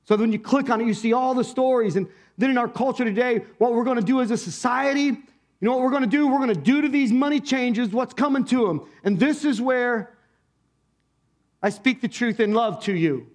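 High-voiced man preaching a lively sermon. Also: brisk. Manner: animated, asks the congregation rhetorical questions. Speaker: pastor. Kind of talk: conversational sermon. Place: church, speaking to a congregation.

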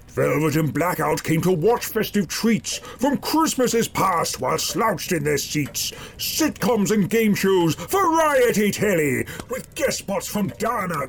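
A man's voice: sits high, gravelly, a little hiss or hum. Man reciting comic Christmas verse. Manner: sing-song rhyming delivery. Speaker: narrator of a rhyming intro.

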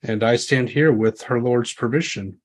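GM playing a formal, haughty rival knight, mid-pitched male voice. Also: moderate pace, natural voice. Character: stiff, proud male knight, rival suitor.

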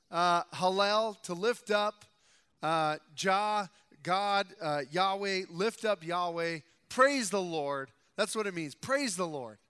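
A young adult male pastor giving a conversational sermon in a church sanctuary, who grows louder and more emphatic when he reads scripture aloud. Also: high voice, clean tone. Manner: conversational preaching, rising loud for scripture reading. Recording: long hall reverb.

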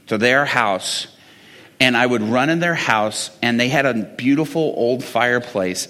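A man's voice: medium pitch, bright, forceful tone, big-room sound. A middle-aged man preaching a sermon, telling stories animatedly, acting out dialogue and chuckling often. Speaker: pastor. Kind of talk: sermon storytelling.

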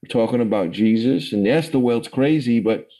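Talkative English man, mellow voice. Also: mid-range voice, normal speed, low-quality recording. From England. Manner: rambling, animated storyteller, lots of fillers. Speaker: guest. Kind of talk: casual testimony interview.

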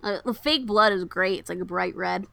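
A woman's voice: medium pitch, normal speed, gravelly, dry recording. A woman chatting casually as a podcast co-host, animatedly retelling a film and acting out the lines. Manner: animated storyteller acting out quotes. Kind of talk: casual movie recap chat.

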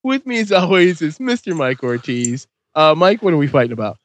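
A man's voice: on the high side, a little fast, dry recording. A man hosting a podcast in a jokey, casual chat. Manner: animated, jokey. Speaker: podcast host.

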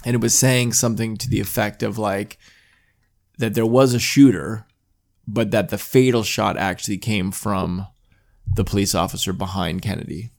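Rambling man with a low voice. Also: steady tone, creaky, darkish tone. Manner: rambling, halting, full of "like". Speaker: podcast co-host. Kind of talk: casual chat.

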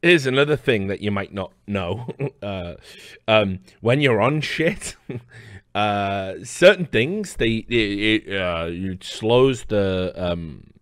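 A man's voice: fairly low pitch, expressive, slow, fairly bright tone, no echo, clean studio sound. Rambling, profane man streamer. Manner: rambling, profane, laughing asides. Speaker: live stream host. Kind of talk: casual reaction commentary.

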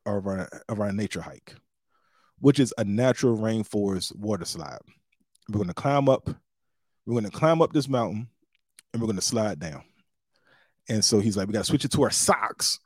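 A man hosting a podcast, telling a story in a casual, animated way and acting out what others said with big jumps in his voice. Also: no room sound, clean studio sound. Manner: animated, acts out quotes with big pitch jumps. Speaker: podcast host.

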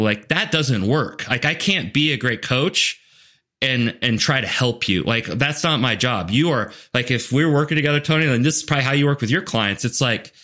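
A man with a medium-pitched, slightly bright voice is a guest on a podcast interview. A leadership coach, he speaks earnestly and animatedly, restarting often and leaning on "like" as a filler.

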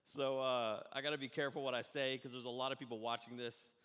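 A man preaching a sermon, rambling and animated, often breaking off mid-thought. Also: mid-range voice, quick pace. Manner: rambling, animated, self-interrupting. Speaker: pastor. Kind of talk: live-streamed sermon. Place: church hall. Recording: echoey hall reverb.

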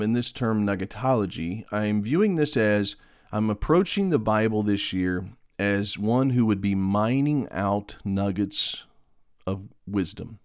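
A man hosting his Bible podcast, talking in a relaxed, rambling way with many ums and self-deprecating asides. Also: on the low side, dry recording, studio quality. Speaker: podcast host and pastor. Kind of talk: casual devotional podcast talk.

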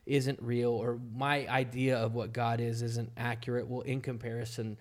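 Casting: male pastor, mid-range voice, relaxed podcast chat, playful streak. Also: medium pitch, moderate pace. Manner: playful, slips into goofy put-on accents.

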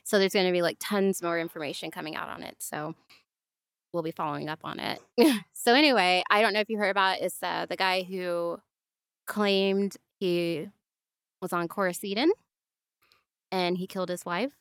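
A woman's voice: lowish voice, steady tone, normal speed, pauses often, fairly bright tone, clear, resonant tone, dry recording, studio quality. A young woman in her twenties, casually telling a true crime story in an easygoing, hesitant way.

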